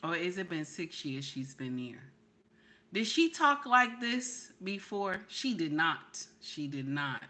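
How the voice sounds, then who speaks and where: A woman's voice: fairly low pitch, sing-song, slow pace, pushed and bright. A woman hosting a live reaction commentary, talking straight to her chat and hammering points with repeated "okay?". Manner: emphatic, repeats "okay?" to drive points home; talks to her chat directly. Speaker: commentary host.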